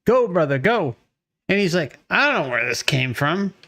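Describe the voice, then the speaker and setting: A man's voice: on the high side, sing-song, moderate pace, sharp tone. A man hosting a commentary video, reacting emphatically to a clip and repeating his points. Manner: emphatic, repeats himself, cheers the speaker on. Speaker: channel host commenting on a clip.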